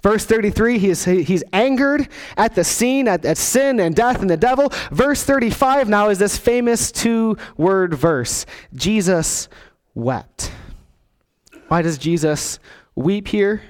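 A man preaching a sermon as a pastor, earnest, dropping quiet and low to stress key words. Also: lively intonation, a little slow. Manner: acts out quoted voices in the text.

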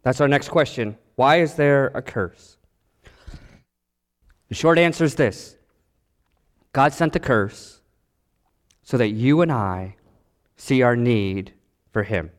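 A man preaching a sermon as pastor, animated and acting out the voices in his stories. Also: mid-range voice, slow pace, long pauses, in a large hall.

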